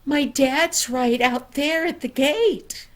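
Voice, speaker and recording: An older woman voicing an eager little girl who chimes in brightly. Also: high voice, takes it slowly, voice pushed up.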